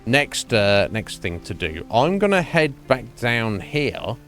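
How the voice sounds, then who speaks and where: A man's voice: medium pitch, very animated, slow pace, fairly bright tone, soft background music. A man streamer giving casual gameplay commentary, chatty, laughing often, with lots of fillers.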